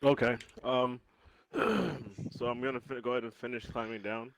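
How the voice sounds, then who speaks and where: A man's voice: mid-range voice, flat delivery, normal speed, dull audio, a little hiss or hum. A man playing a tabletop game, talking casually and hesitantly with many ums and restarts. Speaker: player.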